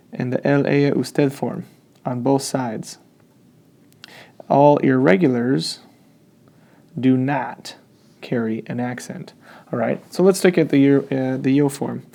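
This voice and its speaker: A man's voice: mid-range voice, measured pace, creaky, long pauses, mellow. A man teaching a Spanish grammar lesson, explaining step by step and checking in often.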